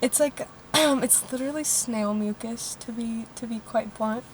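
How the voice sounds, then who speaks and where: A woman's voice: fairly high pitch, unhurried, noisy background. A young woman co-hosting a podcast, chatting casually and swearing now and then while sitting in a car. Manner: chatty, loose, swears casually, trails off into fillers. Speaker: podcast co-host. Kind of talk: casual chat. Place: inside a parked car.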